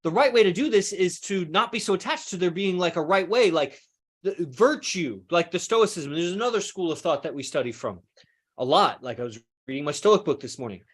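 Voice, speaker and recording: A man with a slightly high-pitched voice talks through ideas in a loose, meandering monologue. He swears without a second thought and often trips over his words, then starts the sentence again. It sounds like an easygoing podcast host thinking aloud. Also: expressive, fairly quick, slightly rough. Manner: rambling, swears freely, self-correcting. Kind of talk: casual philosophical monologue.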